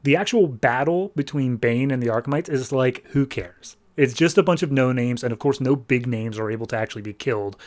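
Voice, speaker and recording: A young man on a podcast runs through a comic book's plot in a casual, rambling way. He leans on "like" and loose paraphrase and sits at an average pitch for a man. He sounds like an easygoing fan talking shop. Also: fairly quick, hardly any pauses. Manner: chatty, filler-heavy, acts out quotes in a loose paraphrase. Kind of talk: casual comic book review and plot recap.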